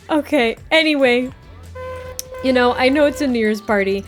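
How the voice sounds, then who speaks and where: A young woman giving casual, gushing commentary on a life-sim game, giggling and excitable as she talks. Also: high-pitched, moderate pace, pauses often, faint music behind. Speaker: gaming YouTuber.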